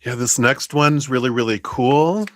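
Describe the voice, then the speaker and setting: A man giving a live-stream tarot reading, talking in an animated way about energy and gratitude. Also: mid-range voice, measured pace, slight background noise. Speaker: tarot reader.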